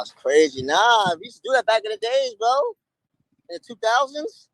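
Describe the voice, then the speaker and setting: A man's voice: very high-pitched, huge pitch swings, moderate pace, vocal fry, fairly bright tone, no echo, poor audio. A man, chatting casually and playfully on a livestream in heavy slang. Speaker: streamer.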